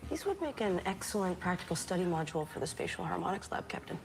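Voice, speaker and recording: An actress playing a starship science officer, delivering technical lines crisply and eagerly in game trailer dialogue. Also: female voice, lowish voice, very animated, fast.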